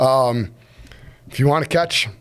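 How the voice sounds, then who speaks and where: An animated man from the United States, chatting on a podcast about fishing trips. He tells long stories with a laugh in his voice, and he slips into quick voices for the people in them. His pitch sits in the middle for a man. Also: clean tone. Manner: storytelling, laughing, acts out other voices. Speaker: podcast guest, fishing guide. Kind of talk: casual chat.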